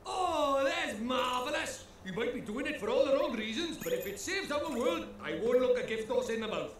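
A cheeky fairy lord. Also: male voice, very high-pitched, animated, normal speed, heavy reverb, slight background noise. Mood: boastful. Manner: cheerful, folksy, calls people lad. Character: cheeky male fairy lord, boastful and chatty. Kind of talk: game voice acting.

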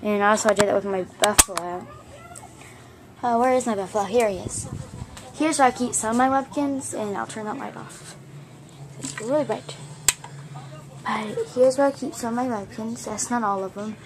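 A woman's voice: fairly high pitch, moderate pace, pauses often, noisy background. Chatty girl gushing over her toys. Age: child. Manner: chatty, gushing, rambling with fillers. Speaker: vlogger showing her plush toys. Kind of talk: casual show-and-tell vlog. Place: her bedroom at home.

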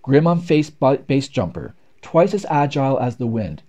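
A man's voice: mid-range voice, lively intonation, normal speed, mellow. A man voicing a swaggering, cunning raven who boasts in a rapping cadence in a storybook poem. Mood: boastful.

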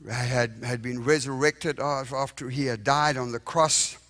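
A middle-aged man with a South African accent preaching a revival sermon in a church, lively and joking with the congregation, often checking "all right?". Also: mid-range voice, unhurried. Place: church sanctuary.

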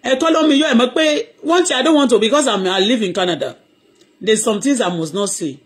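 A woman's voice: a little high, expressive, fast talker, slightly rough. A middle-aged Nigerian woman, Yoruba her first language, hosting a live audio blog in a heated, rambling rant that switches between Yoruba and English. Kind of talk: impassioned live audio commentary.

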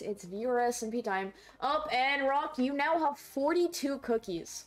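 A woman streamer chatting casually with her viewers during a game livestream, rambling and excitable, quick to shriek and laugh. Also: a little high, faint music behind.

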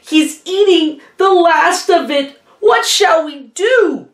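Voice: very high-pitched, slow, echoey room, pitched above the performer's own voice, full character voice. A woman voicing a group of timid night creatures in a picture-book story. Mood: worried. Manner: moaning, then cheering.

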